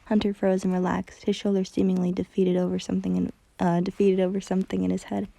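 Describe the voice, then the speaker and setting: A woman's voice: mid-range voice, completely flat delivery, fast talker, vocal fry, mellow, no room sound. A woman reading a fanfiction story aloud, often stumbling over words and correcting herself as she goes. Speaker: fanfiction reader.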